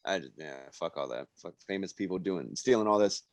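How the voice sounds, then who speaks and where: A man's voice: low-pitched, expressive, fairly quick, dry recording. A man co-hosting a casual podcast chat, talking bluntly, swearing and laughing often. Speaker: podcast co-host.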